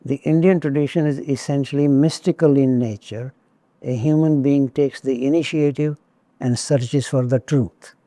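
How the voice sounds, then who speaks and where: A man giving a lecture on spiritual traditions, speaking in a measured, deliberate way with occasional wry asides. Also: medium pitch, steady tone, mellow, no echo.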